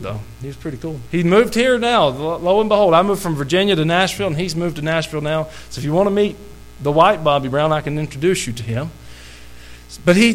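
A man's voice: a little high, a bit bright, poor audio. A middle-aged man, preaching a storytelling sermon in a folksy, humorous way and speaking straight to the congregation.

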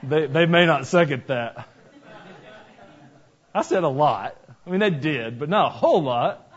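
A man's voice: on the high side, expressive, measured pace, slightly rough. A man preaching a sermon in a church, talking conversationally and adding joking asides. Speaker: pastor. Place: church sanctuary. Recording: dull lo-fi recording.

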